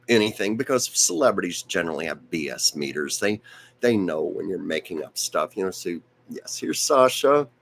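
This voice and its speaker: Male host, lowish voice, strained and fading; rambling, aside-heavy storyteller. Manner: rambling, anecdotal, with frequent asides and restarts. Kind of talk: casual storytelling on a live stream.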